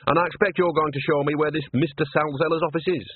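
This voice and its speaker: A man voicing a shrewd, bossy old woman who talks in a brisk, coaxing, no-nonsense way. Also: on the high side, steady tone, husky, no room sound, voice pushed up. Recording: tinny phone-like sound.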